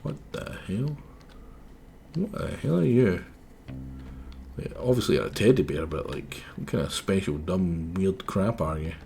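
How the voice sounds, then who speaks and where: A man's voice: sits low, animated, measured pace, creaky, pauses often, a little mellow, faint music behind. A man casually commenting while streaming a game, joking and self-deprecating, his throat sore.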